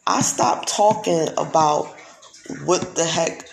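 Slow, gravelly woman ranting in an echoey room. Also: sits low, slight background noise. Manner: emphatic, preachy, repeats herself. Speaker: vlogger. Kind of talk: casual monologue.

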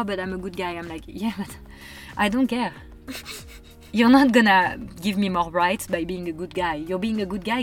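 Woman arguing her point, lowish voice, faint music in the back. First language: French. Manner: earnest, emphatic, persuasive. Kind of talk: casual conversation.

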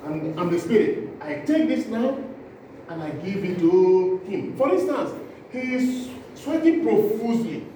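A male preacher, delivering an impassioned sermon, acting out scenes and swinging from loud cries to low asides. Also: expressive, measured pace. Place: church hall. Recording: echoey hall, distant mic, noisy.

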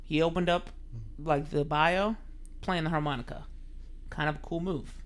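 A man with a slightly high voice co-hosting a casual podcast. He reads his notes aloud and adds dry, sarcastic jokes. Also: steady tone, moderate pace, clear, resonant tone. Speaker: podcast co-host.

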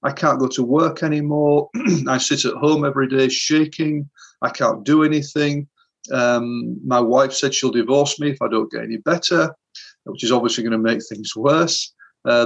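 A man putting on a frightened young man, pleading in a raised, strained voice with a gravelly edge. He sounds shaken and anxious, and the sound is slightly dull. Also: medium pitch, fairly even intonation, moderate pace. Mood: despairing.

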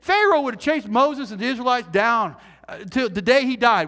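High-voiced male pastor preaching in a sanctuary with long reverb. Animated, jokey, moves from loud to hushed. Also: fairly quick. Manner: jokey asides to the congregation. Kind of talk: sermon. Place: church sanctuary.

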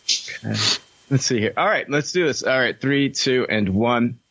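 A man's voice: mid-range voice, moderate pace, a bit bright, no echo. A man hosting a casual group podcast, loose and joking, swearing freely as he runs the show. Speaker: podcast host.

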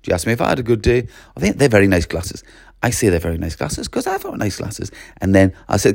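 A middle-aged man giving an expressive, lively training talk to teachers, acting out classroom voices as he goes. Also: on the low side, fast talker, vocal fry, no echo, studio quality.

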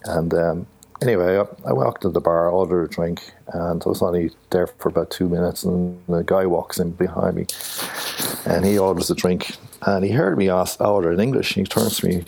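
Gravelly deep Irish older man. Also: fairly even intonation, a little mellow, a little hiss or hum. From Ireland. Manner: rambling, halting, retells dialogue with "I says". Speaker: guest, artist. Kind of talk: casual storytelling.

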